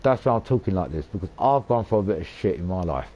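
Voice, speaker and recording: A man's voice: low-pitched, animated, fast, mellow, highs cut off, slight background noise. A man, rambling and ranting over his own gameplay, swearing a lot and repeating himself for emphasis. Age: 40s. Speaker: gaming channel host.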